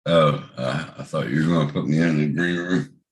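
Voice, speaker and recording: Man with hiccups, deep gruff teasing voice, echoey room on a call. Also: normal speed. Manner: gruff, teasing, swears often. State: has the hiccups. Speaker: regular guest on the stream. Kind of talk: casual chat on a voice call.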